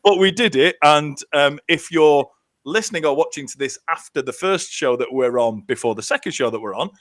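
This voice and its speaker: Male guest, animated raconteur, slightly high voice, dry close sound. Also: fairly quick, dry recording. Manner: lively storyteller, acts out quoted lines. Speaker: contestant telling a story. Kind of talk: casual podcast chat.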